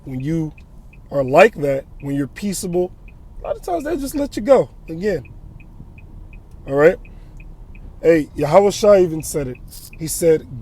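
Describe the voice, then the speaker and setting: High-pitched preacher man in transit. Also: warm tone, a little hiss or hum. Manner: quotes scripture, asks "all right?" and "you know?" often. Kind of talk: informal sermon on the move.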